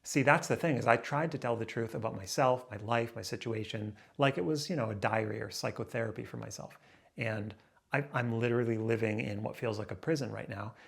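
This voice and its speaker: A man in his late thirties ranting to camera in a raw, emotional vlog, angry and swearing, stumbling over restarts and swinging between loud outbursts and low muttering. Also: a little fast, creaky, slightly rough. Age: 30s. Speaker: vlogger.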